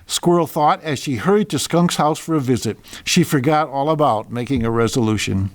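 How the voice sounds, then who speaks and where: A man's voice: mid-range voice, a little fast, hardly any pauses, dry recording, studio quality. An older man hosting a podcast, reading jokes and a children's story aloud with chatty asides and small stumbles.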